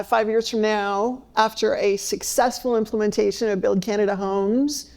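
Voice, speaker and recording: A woman's voice: mid-range voice, creaky, darkish tone. A woman answering on a conference panel, hesitant, with many fillers and restarts. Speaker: panelist, consultant.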